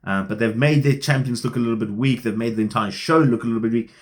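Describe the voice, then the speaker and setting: A man hosting a casual wrestling rumour vlog, talking in a chatty, lively way with frequent filler "uh"s. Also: mid-range voice, fast talker. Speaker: wrestling news host.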